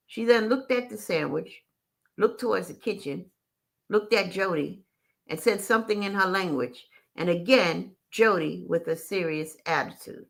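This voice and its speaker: A woman reading a memoir audiobook aloud, expressive, with casual asides. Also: mid-range voice, moderate pace. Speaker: audiobook reader.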